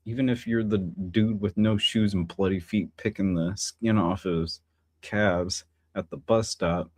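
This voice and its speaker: A man's voice: sits low, steady tone, a little slow, husky, no room sound. A man hosting a casual solo livestream, rambling and musing in a philosophical way, with chatty asides to his viewers. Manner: many fillers and restarts, chatty asides to viewers. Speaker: livestream host.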